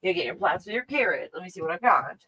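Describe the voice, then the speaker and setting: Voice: medium pitch, expressive, fast, pushed and bright, slightly rough, poor audio. A livestream host at home, chatting in a scattered, casual way, laughing often and talking to a puppy between thoughts. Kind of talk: casual rambling livestream chat.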